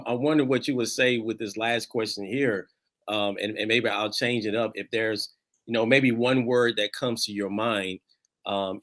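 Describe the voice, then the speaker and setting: A man's voice: lowish voice, fairly bright tone. A man hosting a podcast interview, affirming his guest and signing off in a folksy manner. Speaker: podcast host.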